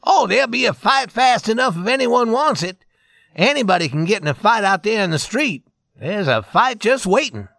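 Excited young messenger, performed by a man: raised pitch, urgent, lively delivery. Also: moderate pace, vocal fry, no echo, clean studio sound, exaggerated voice.

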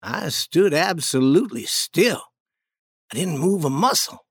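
A man narrating a story aloud in a plain, steady first-person storytelling manner. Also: fairly high pitch, measured pace, slightly rough, dry recording.

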